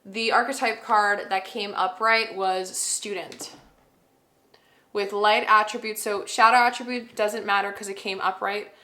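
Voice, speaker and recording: A woman's voice: medium pitch, fairly even intonation, unhurried, pushed and bright, reverberant. A woman chatting casually to camera as she lays out a tarot reading, thinking aloud and breaking into gushing bursts. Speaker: tarot reader. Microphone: camera mic.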